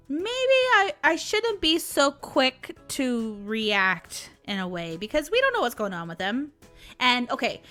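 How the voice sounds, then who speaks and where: A woman's voice: a little high, sharp tone. A woman with a Southern US accent hosting a casual vlog, ranting animatedly with sarcastic asides and frequent laughs. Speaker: vlog host.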